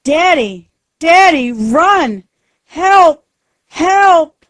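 A woman's voice: high voice, very animated, takes it slowly, no room sound, voice pushed up, exaggerated voice. A panicked girl shrieking for help, put on by a woman reader. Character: frightened young girl crying for help. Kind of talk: storybook reading.

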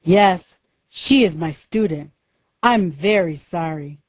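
Caring dad giving orders, urgent, slow dry reading, woman reader doing him. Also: lowish voice, no room sound. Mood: apologetic. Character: protective father, a teacher. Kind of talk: storybook reading.

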